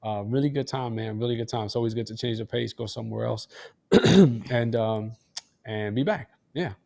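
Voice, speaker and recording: A young man co-host chats on a live show in a laid-back way, full of slang. His voice sits at an ordinary pitch. He hypes his partner along, then eases into a topic. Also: moderate pace, creaky, darkish tone. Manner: laid-back slang, hyping with wow and facts. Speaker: podcast co-host. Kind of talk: casual live show chat.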